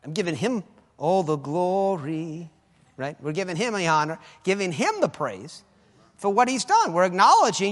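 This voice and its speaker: Fervent preacher man, high lively voice. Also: normal speed. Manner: fervent, swings between shouting and soft asides. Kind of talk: sermon. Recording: echoey hall with long reverb.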